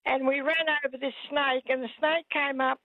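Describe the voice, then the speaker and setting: An older woman calling in to a radio show, telling a story with halting restarts. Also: high voice, steady tone, dry recording. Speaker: caller. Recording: tinny phone line.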